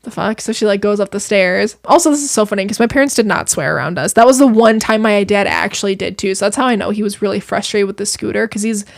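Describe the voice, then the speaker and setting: A young woman chatting as a podcast guest, telling stories in an animated way with quick asides. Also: medium pitch, vocal fry. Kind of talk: casual chat.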